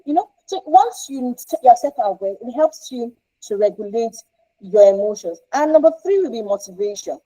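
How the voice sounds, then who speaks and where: A woman's voice: on the high side, big pitch swings, normal speed, dark tone, poor audio. A woman counsellor teaching a parenting lesson, explaining with rhetorical questions and short acted examples.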